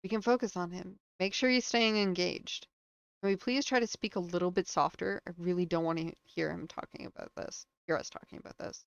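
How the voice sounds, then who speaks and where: Woman streaming a game live, lowish voice with some fry, reads the text out loud, dry kinda dull mic. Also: no echo. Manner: reads on-screen text aloud between quick reactions.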